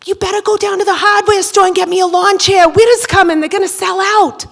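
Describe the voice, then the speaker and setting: A woman's voice: extremely high pitch, steady tone, a little fast, gravelly, a bit bright, long reverb tail, voice pushed up, full character voice. A bossy local barking orders, as a woman puts it on. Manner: pushy, urgent.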